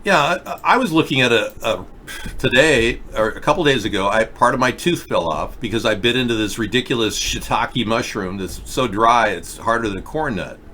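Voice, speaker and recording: A man's voice: medium pitch, normal speed, pushed and bright, a little hiss or hum. A man hosting a live political video chat show, talking emphatically and directly to viewers while wearing a mouth guard. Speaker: political talk show host.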